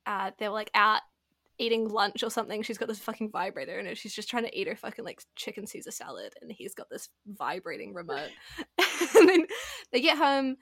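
Animated woman co-host recapping plots. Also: mid-range voice, a little fast, soft background music. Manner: animated storyteller, puts on character voices. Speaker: podcast co-host. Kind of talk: casual podcast chat, recapping books.

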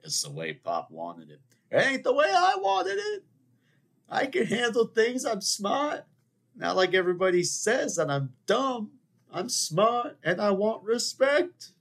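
A man putting on a resentful, insecure mob brother who whines loudly and pleads for respect. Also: sits high, huge pitch swings, unhurried, vocal fry, pitched above the performer's own voice, full character voice. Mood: aggrieved. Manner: whiny, loud and pleading.

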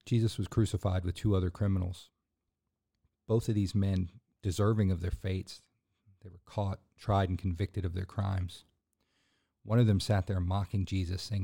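A man's voice: deep voice, steady tone, normal speed, creaky, long pauses, dark tone. A man hosting a sermon-style podcast, talking earnestly in a casual way with fillers, then building to emphatic, preacherly bursts. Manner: casual fillers and restarts between points. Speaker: podcast host.

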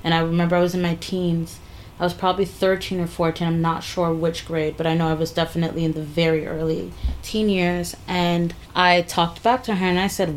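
A woman's voice: on the low side, little pitch movement, brisk, a little hiss or hum. A woman co-hosting a podcast in casual chat, telling a story in a blunt, chatty way. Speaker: podcast co-host.

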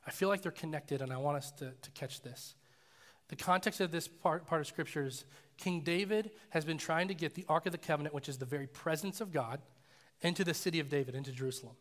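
A man's voice: fairly high pitch, fast talker. Man preaching casually in a reverberant hall. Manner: casual, animated storytelling with acted voices. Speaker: pastor. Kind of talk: sermon. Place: church sanctuary.

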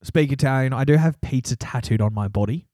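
A man's voice: medium pitch, brisk, dark tone, no echo, clean studio sound. A man, co-hosting a podcast in casual chat and laughing often as he banters. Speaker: podcast co-host.

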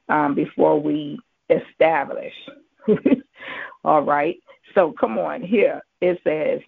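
A man giving a Bible teaching as a preacher, halting with many ums and restarts. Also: on the high side, gravelly, dry recording. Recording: tinny phone-like line, dry.

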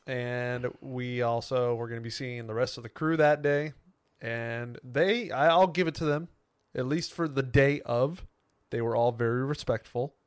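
A man's voice: medium pitch, smooth, no room sound, studio quality. Laughing young male podcast co-host. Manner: animated, laughs often, talks fast when excited. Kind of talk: casual podcast chat.

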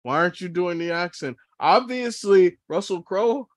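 A man with a high voice co-hosting a podcast, talking in an excitable, joking way. The recording is dry and close. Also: moderate pace, no room sound. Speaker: podcast co-host. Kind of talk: casual chat.

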